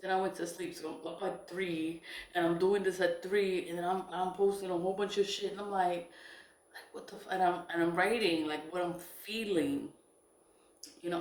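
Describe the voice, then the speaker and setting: A woman in a rambling personal monologue, emphatic and repetitive, swearing at times and trailing off with soft laughs. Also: lowish voice. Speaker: spiritual vlogger. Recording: roomy echo.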